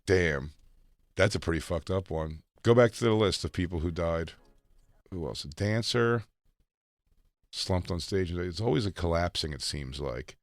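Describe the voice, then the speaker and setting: A man co-hosting a podcast, trading dark jokes in casual chat and laughing often. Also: deep voice, lively intonation, unhurried, no echo, clean studio sound. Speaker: podcast co-host.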